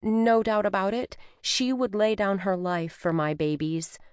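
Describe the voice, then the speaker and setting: A woman narrating a cozy mystery audiobook in the first person, with an expressive storytelling manner. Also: medium pitch, unhurried, clear, resonant tone, no echo, clean studio sound. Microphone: studio microphone.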